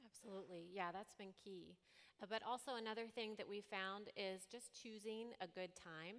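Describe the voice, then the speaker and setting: A woman of middle pitch speaks in a calm, gentle, measured way as she teaches on marriage. Her voice carries a long hall echo. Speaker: co-host of a marriage talk. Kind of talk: teaching talk citing scripture.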